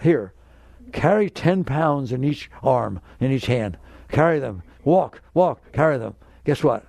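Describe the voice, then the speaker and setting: A man's voice: mid-range voice, lively intonation, measured pace, creaky, a little mellow, no echo. An older man giving a spiritual talk to an audience, direct and emphatic, sometimes acting out inner voices. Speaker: spiritual teacher.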